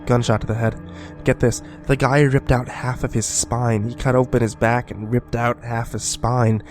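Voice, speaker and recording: A man voicing a matter-of-fact male paramedic in a horror story, reporting injuries flatly. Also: mid-range voice, moderate pace, soft background music, close to an everyday voice.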